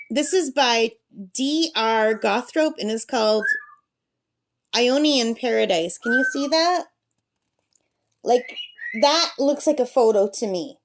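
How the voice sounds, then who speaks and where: Chatty woman vlogger, slightly high voice. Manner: chatty and enthusiastic, talks to her pet parrot. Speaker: craft channel host. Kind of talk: casual book review vlog. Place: at a campsite.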